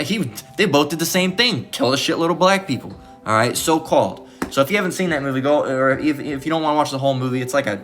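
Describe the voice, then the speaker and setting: A man preaching an informal lesson in a bright, edgy voice. He is emphatic, swears freely and keeps checking in with "all right?". Faint guitar music sits behind him. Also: medium pitch. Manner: emphatic and profane, repeats "all right?" constantly.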